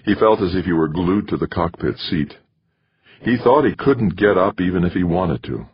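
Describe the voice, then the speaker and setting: A man narrating an audiobook in steady storytelling. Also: sits low, moderate pace, husky, dull audio. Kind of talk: scripted narration.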